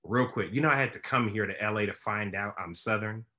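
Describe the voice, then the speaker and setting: Bright-voiced man hosting a casual chat. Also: lowish voice, fairly quick. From Maryland. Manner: animated, laughs often, rambling asides. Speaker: podcast host.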